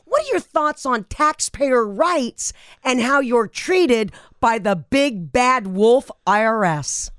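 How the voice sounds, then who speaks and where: A woman's voice: sits high, fairly bright tone, no room sound, clean studio sound. A woman hosting a radio talk show, asking her guest questions in an upbeat, emphatic way.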